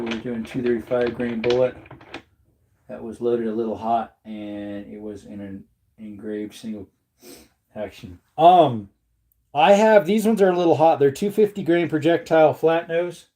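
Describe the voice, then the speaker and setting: A man's voice: mid-range voice, normal speed, dark tone. A man hosting a casual livestream, joking with viewers and reading the chat aloud while he works. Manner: joking, chatty, reads chat aloud, puts on silly voices. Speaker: livestream host reloading ammunition.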